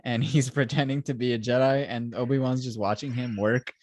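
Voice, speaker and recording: A man's voice: medium pitch, steady tone, fairly quick, darkish tone. A man co-hosting a casual review chat, rambling through scenes and acting out quotes with frequent laughs. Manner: rambling storyteller, acts out scenes with "he's like" quotes, laughs often. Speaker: podcast co-host.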